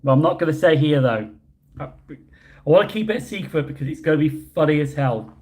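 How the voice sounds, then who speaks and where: A man's voice: on the high side, animated, fairly quick, a little mellow. A young man chatting casually on a livestream, reading out viewer comments and rambling about his own slips. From Yorkshire, England. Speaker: livestream host. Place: hotel room.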